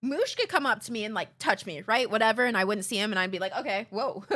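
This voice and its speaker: Animated, swearing woman streamer. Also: medium pitch, fast talker. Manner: animated storytelling, swears freely. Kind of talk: casual chat.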